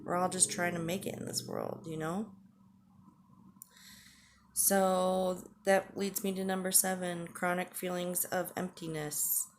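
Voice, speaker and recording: A woman in her forties talking candidly to the camera in a halting, earnest way, with frequent pauses and fillers. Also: fairly low pitch, flat delivery, noisy background. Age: 40s. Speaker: vlogger. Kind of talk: candid personal vlog talk.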